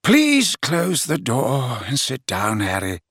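A man voicing an elderly male headmaster who speaks in a measured, gently exasperated way. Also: on the high side, very animated, dry recording, clean studio sound, voice pushed up, exaggerated voice. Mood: tired.

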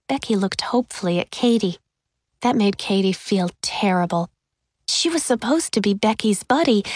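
A woman reading a children's chapter book aloud as audiobook narrator in clear, even storytelling. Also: medium pitch, no room sound, clean studio sound. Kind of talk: scripted narration.

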